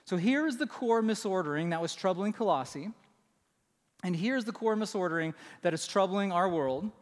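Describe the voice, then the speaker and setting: A man's voice: high voice, animated, moderate pace, big-room sound. A man preaching a sermon as pastor, talking conversationally to his church and often checking in with "right?". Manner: conversational, asks "right?" often, restarts phrases. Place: church sanctuary.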